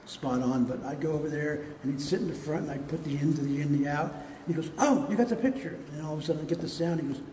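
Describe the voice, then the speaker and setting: Dark-voiced guy giving a museum tour, easygoing rambly stories, big echoey gallery. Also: fairly high pitch, fast talker, few pauses, a little hiss or hum. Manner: relaxed, rambling anecdotes. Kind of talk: casual storytelling on a tour. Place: large museum gallery indoors. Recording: echoey gallery with long reverb.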